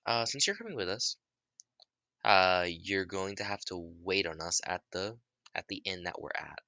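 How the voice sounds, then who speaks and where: A brash young ninja talks loosely and confidently, played by a man. The tone is bright and the sound dry and close. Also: low-pitched, animated, moderate pace, gravelly, no room sound, heavily acted. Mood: casual, confident.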